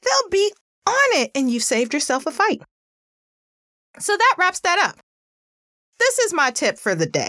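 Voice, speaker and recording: A woman with a somewhat high, pitchy voice talks through parenting tips in a casual, earnest way. She leans on emphasis and fillers. The sound is dry and close, with no room around it. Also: pushed and bright, no room sound. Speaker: parenting podcast host. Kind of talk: casual advice talk.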